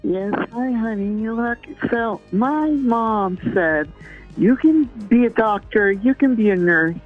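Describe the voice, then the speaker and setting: A man's voice: high-pitched, slow, soft background music. A man doing an impression of a film actress who drawls and calls everyone honey. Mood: sweet. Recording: tinny phone line.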